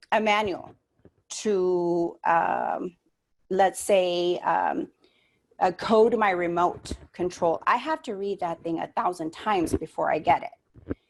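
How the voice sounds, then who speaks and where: Soft-voiced woman explaining teaching methods. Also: fairly low pitch. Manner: explanatory, measured, with frequent fillers. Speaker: adult education instructor. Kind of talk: online teacher training presentation. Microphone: computer mic on a video call.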